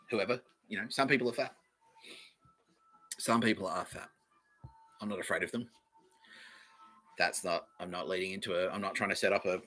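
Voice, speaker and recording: A man's voice: fairly low pitch, sharp tone. A young Australian man hosting a podcast, rambling through a profane, sarcastic comedy monologue and often laughing at himself. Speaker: podcast host.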